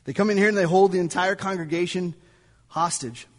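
A man's voice: high-pitched, a little fast, big-room sound. A male pastor preaching a sermon in a church, telling a story dramatically and sometimes dropping to near-whispers. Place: church sanctuary.

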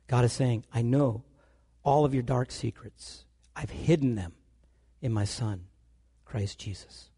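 A man preaching a sermon, telling stories with animated delivery and acting out the dialogue. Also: medium pitch, unhurried, long pauses, breathy edge.

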